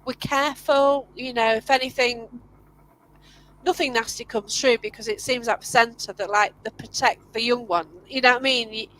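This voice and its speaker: A woman's voice: a little high, fairly even intonation, normal speed, a bit bright, poor audio. A Scottish woman who hosts paranormal events, chatting casually and hesitantly over a video call with many fillers. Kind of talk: casual chat. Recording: faint background noise.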